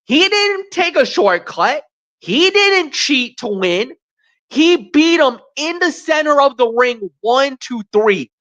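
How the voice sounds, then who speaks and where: A woman's voice: sits high, big pitch swings, takes it slowly, fairly bright tone. A woman co-hosting a wrestling show, giving blunt, emphatic opinions in a ranting manner. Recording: dull lo-fi stream audio.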